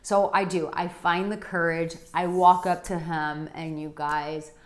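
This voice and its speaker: A woman dating coach talking straight to her viewers, chatty and animated as she tells a personal story. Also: fairly low pitch, unhurried. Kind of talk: direct-to-camera advice vlog.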